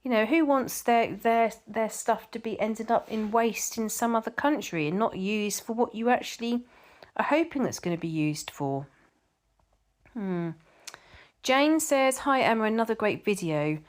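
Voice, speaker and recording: A woman's voice: on the high side, lively intonation, a little slow. A middle-aged woman from England chatting casually with viewers, reading out their comments and telling stories, often repeating herself. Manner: chatty, repeats words, tells anecdotes. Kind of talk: casual chat.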